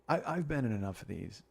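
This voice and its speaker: Gravelly, husky man telling a rambling story. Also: mid-range voice. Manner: profane, rambling, animated retelling. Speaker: podcast host. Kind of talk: storytelling monologue.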